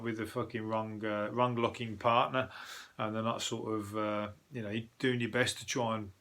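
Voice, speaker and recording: A man's voice: mid-range voice, sharp tone. A man with a Birmingham accent, a comedian doing a rambling, blunt, swear-laden comic review of the news. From Birmingham, England.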